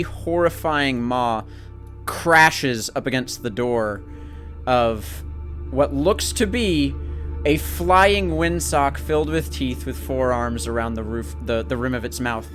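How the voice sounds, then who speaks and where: A man's voice: mid-range voice, takes it slowly, fairly bright tone, faint music behind. A man narrating as game master. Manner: descriptive, vivid narration.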